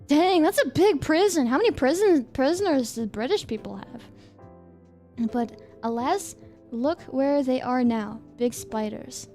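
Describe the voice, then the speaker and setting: Young woman, high voice, giggly rambling stream chat, faint music under it. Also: lively intonation, warm tone. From United States. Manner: giggly, rambling, quick asides. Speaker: VTuber streamer. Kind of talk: casual chat reading viewer comments.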